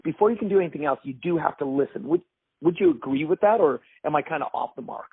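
A man hosts an interview, eagerly summing up what his guest said before asking the next question. His voice swings lively up and down and has a husky edge. It comes through a dry, thin phone line. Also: a little high, fast talker, no echo. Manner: enthusiastic, sums up and poses questions. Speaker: host. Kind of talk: casual interview talk. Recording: tinny phone-line sound.

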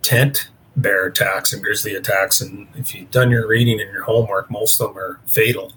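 Man, interview guest, casual rambling storyteller, bright forceful voice. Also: on the low side, steady tone, moderate pace, a little hiss or hum. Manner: casual, rambling, with many fillers. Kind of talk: storytelling in conversation.

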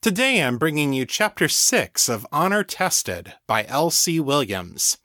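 A man's voice: fairly high pitch, very animated, unhurried, background noise. A man hosting a fiction podcast, giving a scripted introduction in an upbeat, announcing tone. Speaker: podcast host. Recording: intro music playing behind.

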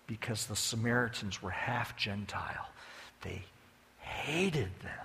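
A man's voice: fairly low pitch, animated, takes it slowly, pushed and bright, a little hiss or hum. A man preaching a sermon as a folksy, joking storyteller, with long hall reverb behind him.

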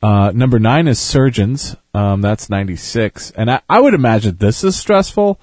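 Man, casual podcast co-host, reacts loudly, very animated pitch, dry recording. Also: normal speed, dry recording. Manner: reads out a list, jumps up in pitch when excited. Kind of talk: casual chat.

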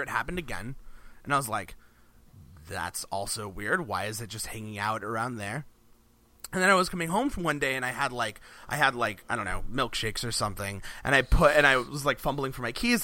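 A man's voice: mid-range voice, bright, forceful tone. A man co-hosting a podcast in casual chat, rambling with frequent restarts and laughs between phrases. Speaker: podcast co-host.

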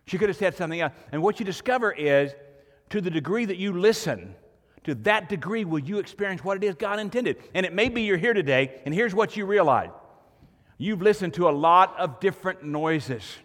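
A man's voice: sits high, expressive, fairly quick, a bit bright, long reverb tail. A pastor giving a sermon to his congregation in a church, preaching earnestly and building to emphatic points. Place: church sanctuary.

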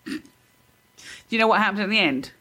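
A woman's voice: mid-range voice, lively intonation, fairly quick, sharp tone. A woman with a British accent co-hosts a casual podcast. Her voice jumps up and down a lot as she teases her co-host and drops into silly voices. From Britain. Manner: teasing, playful silly voices. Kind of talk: casual banter.

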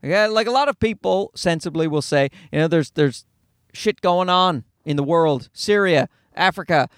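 A man's voice: on the high side, expressive, moderate pace, dry recording. A comedian in his thirties hosting his own podcast from a home studio, ranting casually with profanity and acted-out voices.

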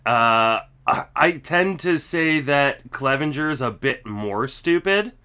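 A man co-hosting a sports podcast, talking casually with a hesitant, halting delivery. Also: medium pitch, lively intonation, sharp tone, smooth. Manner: hesitant, lots of fillers and restarts. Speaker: podcast co-host.

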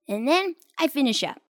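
A woman with a high, gravelly voice, heavily acted and very noisy, plays a spirited young girl who plays guitar in a children's audio drama. Her delivery is upbeat, playful, and drawn out.

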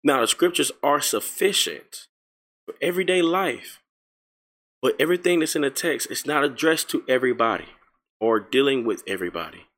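A man leading an informal Bible study, emphatic and repetitive, slowing down to read verses aloud. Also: mid-range voice, expressive, fairly bright tone. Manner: emphatic, repeats phrases, reads verses slowly. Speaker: Bible teacher.

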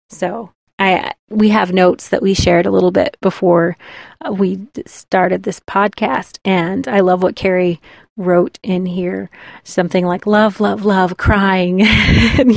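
A woman co-hosting a podcast, chatting casually about storytelling in an animated way, often restarting her sentences and laughing between thoughts. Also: fairly low pitch, gravelly, dry recording, studio quality. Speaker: podcast co-host.

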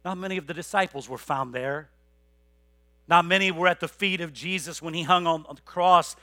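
A male pastor delivering a passionate sermon to his congregation, swinging from loud rallying appeals to low, quiet emphasis. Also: normal speed, no echo, studio quality. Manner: passionate preaching, swelling loud then dropping low; repeats words, conversational asides to the congregation. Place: church.

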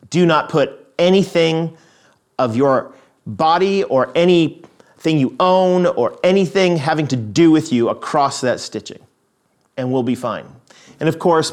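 A middle-aged man preaching a sermon in a conversational, storytelling way, with frequent restarts. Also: medium pitch. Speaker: pastor.

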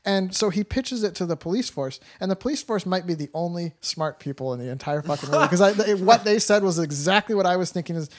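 A man's voice: high voice, animated, fast, few pauses. A man hosting a podcast, swearing freely and telling a movie story with acted-out quotes in casual chat.

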